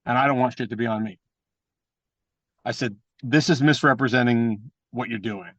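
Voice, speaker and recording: A man's voice: mid-range voice, moderate pace, dry recording, lo-fi sound. A man, a pro wrestler, telling blunt and profane stories in an interview and mimicking the people in them. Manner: animated anecdotes with mimicked voices. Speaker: guest, pro wrestler and trainer. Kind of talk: casual storytelling interview.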